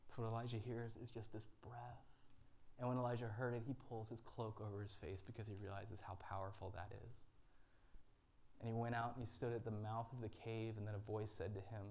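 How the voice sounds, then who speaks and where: A male pastor preaching a sermon in a church, earnest and dramatic, with long pauses. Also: lowish voice, little pitch movement, a little mellow.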